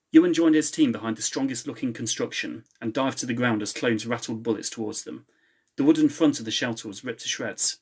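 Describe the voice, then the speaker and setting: A man reads his own novel aloud on a live stream from home, with a mid-pitched voice. Between passages he chats in a relaxed way with fillers before going back to steady narration. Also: husky. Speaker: author reading his novel. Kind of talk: live reading to online viewers. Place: home, with a laptop.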